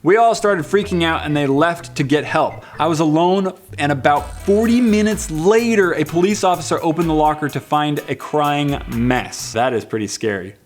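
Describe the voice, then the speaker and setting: A man's voice: fairly high pitch, moderate pace, few pauses, faint music behind. A man in his twenties hosting a vlog, reading viewer comments in a playful, joking way. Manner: playful, jokey, animated. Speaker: vlog host.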